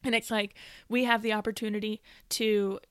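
A young woman co-hosting a casual faith podcast, talking in an animated way and laughing often. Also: mid-range voice, normal speed, smooth, dry recording, clean studio sound. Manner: animated, laughs often, retells with mimicking voices. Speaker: podcast co-host.

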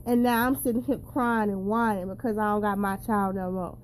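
A woman's voice: medium pitch, level tone, a little fast, slight background noise. Blunt, profane woman ranting to viewers. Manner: blunt, profane and preachy, addressing viewers directly. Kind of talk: casual straight-to-camera rant.

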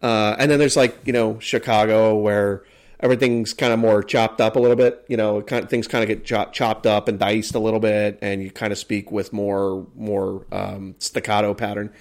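A man's voice: on the low side, little pitch movement, normal speed. A man from the United States chatting casually as a podcast co-host, rambling with many fillers and restarts. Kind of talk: casual chat.

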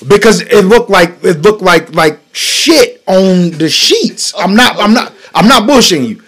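A man hosting a podcast, telling a profane story in a casual, animated way, swinging from loud bursts to hushed asides. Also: high-pitched, normal speed, few pauses. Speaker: podcast host.

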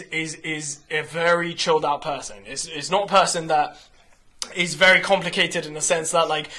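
Podcast guest, young man, bright high voice, swears freely, lots of restarts. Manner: frank, profane, animated storytelling with repeated restarts. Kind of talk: candid casual chat.

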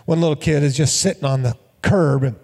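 Middle-aged pastor guy, chatty sermon, kinda high voice, long echoey reverb. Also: brisk, darkish tone, husky. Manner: conversational, repeats words, storytelling.

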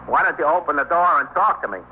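An actor playing a police sergeant who calmly gives orders and coaxes an armed man to open the door, in 1950s radio drama style. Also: a little high, quick pace, close to an everyday voice. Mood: coaxing. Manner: calm, firm, coaxing. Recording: tinny old radio broadcast with faint hiss.

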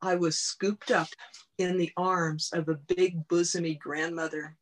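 A woman's voice: fairly low pitch, little pitch movement, measured pace. Earnest woman coach telling her story. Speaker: guest, body-mind coach. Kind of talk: personal storytelling in interview.

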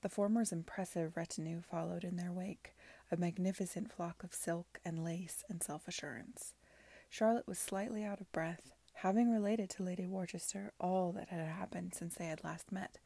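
A woman reading a novel aloud with measured, expressive storytelling. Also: lowish voice, vocal fry, husky, no echo. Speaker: reader.

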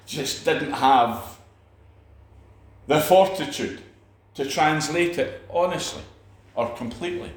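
A man's voice: a little high, animated, slow, roomy sound. A man preaching a sermon, emphatic, with repeated phrases and restarts.

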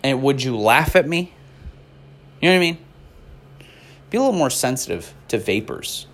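A man's voice: medium pitch, animated, moderate pace. A man in his twenties delivering a profane, rambling stand-up rant in an exasperated tone. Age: 20s. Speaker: comedian.

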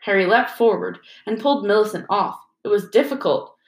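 A woman narrating an audiobook in a steady storytelling manner. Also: mid-range voice, brisk. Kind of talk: audiobook reading. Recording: roomy echo.

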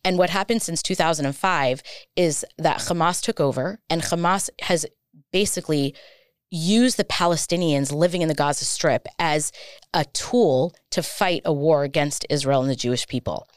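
A woman's voice: sits low, normal speed, clear, resonant tone, no room sound, clean studio sound. A woman speaking as a guest in an interview, answering with growing passion and urgency. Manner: impassioned, rising to pleading. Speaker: guest, Jewish student organization director.

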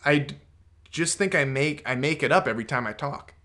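Podcast co-host, male, fairly high voice, loose rambling chat, cuts himself off and restarts a lot. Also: brisk, pushed and bright. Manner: rambling, self-interrupting, swears casually. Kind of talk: casual chat.

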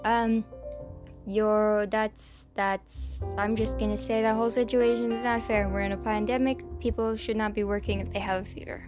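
Over music, a woman with a medium-pitched voice reads news stories at a moderate pace in a flat delivery. She is a podcast host whose Southern American accent slips in, and her casual news commentary includes stumbles over names and sarcastic asides.

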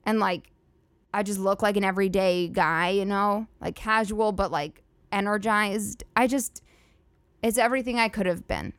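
A woman's voice: medium pitch, normal speed, a bit bright, dry recording. A young woman hosting a solo comedy podcast, ranting in a chatty, sarcastic, profane way full of "like" fillers. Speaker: podcast host.

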